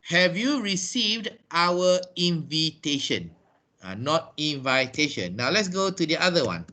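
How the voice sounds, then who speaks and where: A man teaching English pronunciation in an online lesson, talking slowly and deliberately and repeating words. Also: high voice, animated, bright, forceful tone.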